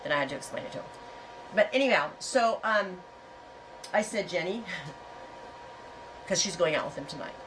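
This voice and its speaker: A woman's voice: on the low side, expressive, moderate pace, pauses often, distant mic, background noise. A middle-aged woman hosting a casual livestream chat, talking in a frank, rambling way and telling stories with animation. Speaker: host.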